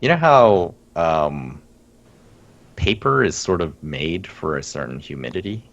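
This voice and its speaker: Man, deep voice, gravelly, co-host, laughs a lot, lo-fi sound. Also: lively intonation, a little slow, a bit bright. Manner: laughs often, rambling and wry. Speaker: podcast co-host. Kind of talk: casual gaming chat. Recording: dull lo-fi stream audio.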